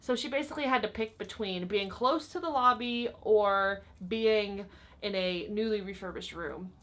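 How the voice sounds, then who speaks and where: A young woman chats to the camera about her old job in a bright, clear voice. Her pitch sits in a middle range, and she peppers her storytelling with "like" and "um". The delivery is loose and conversational. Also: normal speed. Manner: chatty, frequent fillers like "like" and "um". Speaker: vlogger recounting work stories.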